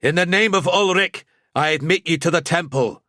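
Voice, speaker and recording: A man's voice: fairly high pitch, normal speed, sharp tone, no room sound, studio quality, voice pushed up. A male narrator voicing a veteran knight commander who speaks soberly and ceremonially. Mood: solemn.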